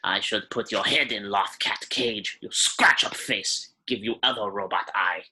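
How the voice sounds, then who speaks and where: A cranky old alien shopkeeper woman, as a game master puts her on, barking threats in broken, clipped speech. She sounds husky and bright, and a little far from the mic. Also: lowish voice, measured pace, exaggerated voice. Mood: scolding. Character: grizzled old female alien pet-shop keeper, cranky and threatening.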